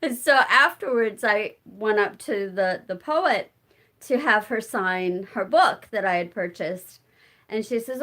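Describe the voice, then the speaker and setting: A woman's voice: a little high, expressive, a little slow, fairly bright tone. A middle-aged American woman chatting casually on a live stream, answering viewers' comments while she spins fiber at home. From United States. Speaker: homestead vlogger hosting a live chat.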